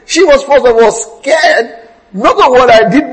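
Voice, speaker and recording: A middle-aged man preaches with a fairly high voice. He tells stories with humour, dropping to quiet asides and then rising to loud exclamations. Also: normal speed, poor audio. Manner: storytelling with humour, lively swings from quiet to loud. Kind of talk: sermon.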